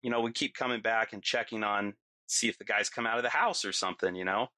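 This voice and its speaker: A middle-aged man as a podcast guest, telling a story in casual talk, animated and laughing often, acting out what people said. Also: fairly low pitch, fast, no echo.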